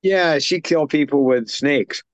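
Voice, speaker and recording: A man's voice: a little high, unhurried, no room sound. A man co-hosting a podcast, recapping a film's plot in a casual, rambling way with many fillers. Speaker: podcast co-host. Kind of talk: casual film discussion.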